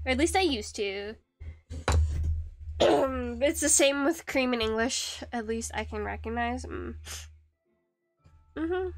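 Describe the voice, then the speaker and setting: A young woman streamer chatting casually while she carves wood, rambling and laughing often, with a high-pitched voice. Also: dry recording. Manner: rambling, with restarts and frequent laughs. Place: home streaming setup.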